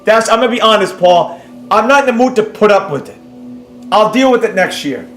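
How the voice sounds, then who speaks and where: A man streaming live as a trading educator, reading viewer comments and talking straight to the audience in a brash, boastful way that jumps loud when he gets excited. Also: sits high, a little fast. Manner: animated, bursts up loudly when excited. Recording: roomy sound with faint music behind.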